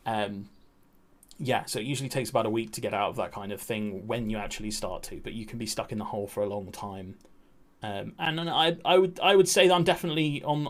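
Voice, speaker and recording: A man talking candidly on a livestream, nervous and a little breathless, halting with restarts and frequent ums. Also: medium pitch, fairly bright tone. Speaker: streamer.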